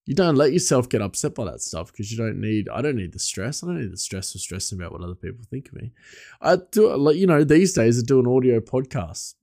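A man's voice: mid-range voice, big pitch swings, fairly quick, vocal fry, warm tone, no echo, studio quality. A man who works as a chef, telling a personal story in a casual, rambling way with lots of fillers. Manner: rambling, many fillers and restarts, laughs often.

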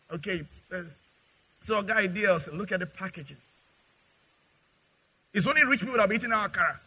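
Husky preacher, bright voice. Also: male voice, high-pitched, fairly quick, pauses often, low-quality recording. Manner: lively preaching, acting out family and customer voices. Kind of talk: sermon with acted dialogue.

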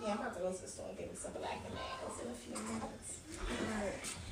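A woman's voice: fairly high pitch, moderate pace, heavy background noise. Profane, blunt woman ranting casually. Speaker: vlogger.

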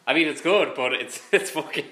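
A man co-hosting a podcast in casual chat, halting and often steering the talk back on track. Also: fairly high pitch, sharp tone. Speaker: podcast co-host.

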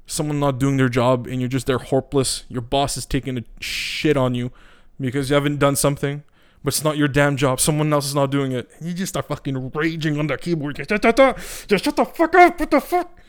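A man's voice: medium pitch, flat delivery, brisk, clear, resonant tone. Profane, rambling podcaster man. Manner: profane, blunt and rambling, with many restarts. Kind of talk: casual ranting monologue. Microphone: podcast microphone.

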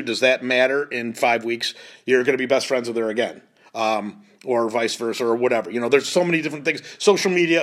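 Hosting a lacrosse show, a middle-aged man speaks in an emotional, pleading monologue, restarting and repeating himself often. His mid-range voice is a bit bright.

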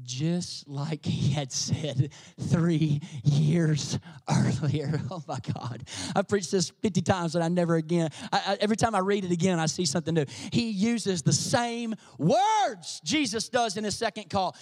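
A man with a strikingly high voice delivers a sermon to a gathered congregation. He leans hard on rhetorical questions and presses each point home with fervor. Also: animated, moderate pace. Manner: emphatic, full of rhetorical questions to the listeners. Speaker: pastor. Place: speaking to a congregation in a room.

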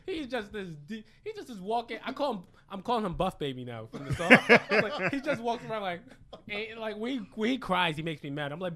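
A man's voice: high-pitched, sing-song, brisk, a crowd in the background. A playful man in casual podcast chat who laughs often and acts out dialogue in his stories.

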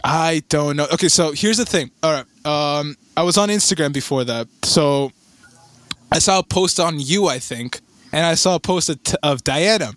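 A young man telling a rambling story in casual chat, animated and swearing, with lots of fillers and restarts. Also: on the high side, normal speed, dry recording, clean studio sound.

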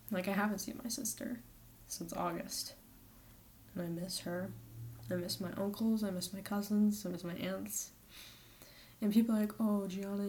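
A woman's voice: lowish voice, a little mellow. A young woman, a college student, talking casually on her own podcast, rambling with lots of fillers and corrections. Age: young adult. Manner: chatty, rambling, with many "like" fillers and self-corrections. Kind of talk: casual solo podcast monologue.

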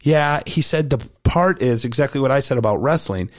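A man's voice: medium pitch, brisk. Storytelling male coach on a podcast. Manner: storytelling, quotes others in animated voice. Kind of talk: casual chat.

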